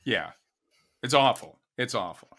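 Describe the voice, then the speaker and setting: A man co-hosting a podcast in casual chat, talking in halting phrases full of restarts. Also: mid-range voice, expressive, sharp tone, slightly rough. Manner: halting, restarts phrases, reads poetry aloud. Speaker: podcast co-host.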